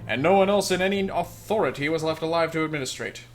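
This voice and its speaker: A man reading the lines of a stern male guild official who has taken charge of a sealed city, in a brisk, official manner. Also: fairly high pitch, faint music behind, natural voice. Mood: officious.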